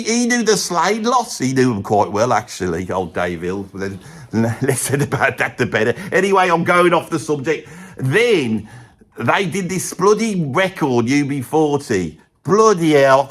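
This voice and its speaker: A rambling, opinionated middle-aged bloke with a thick Birmingham accent, as a man puts him on. He talks in a fairly high voice, sprinkles mild swearing into every sentence and keeps sinking into hushed, gossipy asides. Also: sing-song, unhurried. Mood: rambling gossip. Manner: rambling, says "bloody" constantly, drops into hushed conspiratorial asides. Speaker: comic presenter. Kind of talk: comedic character monologue.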